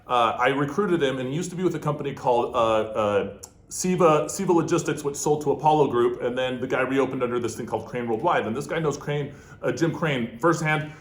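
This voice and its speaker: Guy telling his business story, punchy and animated, mid pitch, roomy echo. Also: a little fast. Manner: animated, emphatic, acts out dialogue, frequent "okay?". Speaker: guest entrepreneur.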